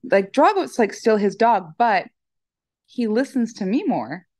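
A middle-aged woman chatting in an interview, telling animated stories with lots of fillers. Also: a little high, measured pace, dry recording. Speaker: dog owner guest. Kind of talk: casual interview chat.

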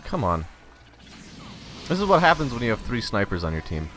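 A man giving live gameplay commentary, frustrated and ranting, sometimes breaking into loud shouts. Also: medium pitch, big pitch swings, normal speed, soft background music. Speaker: gamer recording gameplay commentary.

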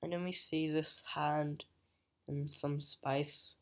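A young adult reviewer recaps a comic's plot in an unhurried, drawn-out way, stopping often on fillers. The voice stays level and monotone, with little rise or fall, as the speaker walks through the story. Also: mid-range voice. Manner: hesitant, many fillers and "just like".

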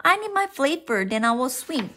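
A woman's voice: big pitch swings, moderate pace, sharp tone, slight background noise, heavily acted. Woman doing a whiny little boy frog. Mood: pleading. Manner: whiny, high and squealing. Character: small young boy frog, whiny and stubborn.

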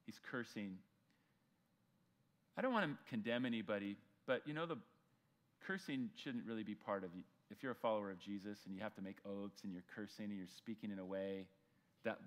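Guy pastor giving a sunday bible teaching, relaxed and chatty, does little voices for the characters. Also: medium pitch. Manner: conversational, acts out voices of people in the story. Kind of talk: sermon.

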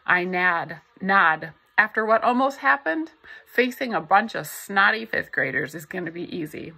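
Gravelly bright-voiced woman reading aloud. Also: fairly low pitch, expressive, normal speed, rough recording. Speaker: audiobook narrator. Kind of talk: first-person novel reading.

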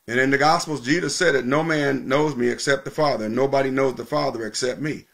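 A male pastor preaching a sermon, teaching with emphatic repetition and slowing down to stress key points. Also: medium pitch, creaky, fairly bright tone.

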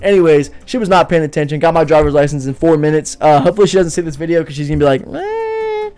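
A man's voice: on the high side, racing, darkish tone. A young man hosting a casual livestream, joking and rambling while answering his chat and saying "bro" a lot. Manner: joking, rambling, reads and answers chat, says "bro" and "you know what I mean". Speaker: livestream podcast host.

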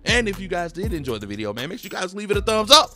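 A man's voice: sits high, sing-song, rapid-fire, sharp tone, faint music behind. A man giving hyped, boastful commentary over his own gameplay, trash-talking and often slipping into a sing-song delivery. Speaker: gaming YouTuber.

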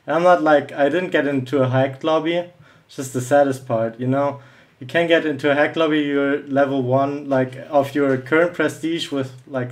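A young man giving live commentary over an online shooter match, angry and swearing, mocking the other players. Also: mid-range voice. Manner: angry ranting, swearing often; mocking taunts at opponents. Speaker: gameplay commentator.

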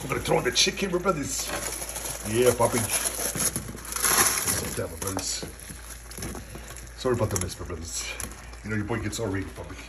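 A man filming a casual cooking and tasting vlog on his phone in a home kitchen. He is excitable and laughs often, and keeps calling his viewers brothers and puppy. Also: fairly low pitch, normal speed, long pauses. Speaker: food vlogger. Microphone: phone camera. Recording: noisy kitchen with frying. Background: food frying.

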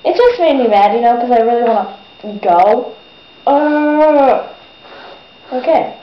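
A woman's voice: fairly high pitch, expressive, a little slow. A teenage girl in her bedroom, ranting in a casual, exasperated vlog and mocking people with put-on voices. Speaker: vlogger. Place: bedroom at a desk. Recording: echoey, dull webcam audio with faint hiss.

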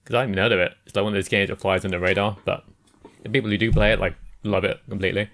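A man's voice: lowish voice, steady tone, very fast, a bit bright. A man co-hosting a gaming podcast, talking casually, laughing often and agreeing with his co-host. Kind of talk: casual chat.

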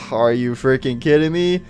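A man's voice: mid-range voice, darkish tone. Playful young man narrating his gameplay. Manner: playful, teasing the characters, quick jumpy asides. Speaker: gaming YouTuber. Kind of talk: casual let's-play commentary.

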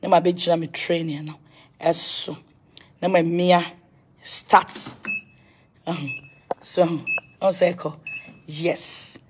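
A woman's voice: on the low side, level tone, slow, long pauses, slight background noise. A Ghanaian woman vlogging casually at home, chatting to viewers in a loose mix of languages and blessing them. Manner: mixes Twi and English, chatty, blesses viewers. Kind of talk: casual home tour vlog.

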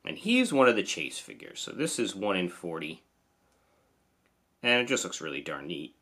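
A man's voice: low-pitched, very animated, normal speed, gravelly, pushed and bright. A man with a New Jersey accent casually reviewing toy figures, chatty and enthusiastic. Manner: enthusiastic, chatty, lots of "awesome".

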